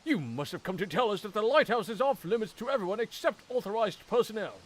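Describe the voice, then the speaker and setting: A showy, self-important gentleman with a put-on standard British accent, voiced by a man reading a game aloud, pitched a touch high and swooping all over as he holds forth in wordy, theatrical phrases. His voice rises and falls dramatically with every grand pronouncement. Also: lively intonation, fast talker, poor audio. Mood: smug. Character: flamboyant theatrical middle-aged man, showy would-be detective.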